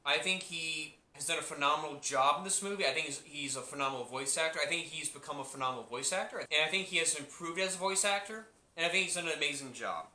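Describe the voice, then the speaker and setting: A man talks through a movie review in a loose, rambling way, circling back to the same points and restarting his sentences. His voice is strikingly bright and a little high. The room around him adds a clear echo. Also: quick pace, hardly any pauses, slight background noise. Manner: rambling, repeats himself, many restarts and fillers. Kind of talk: casual spoken review.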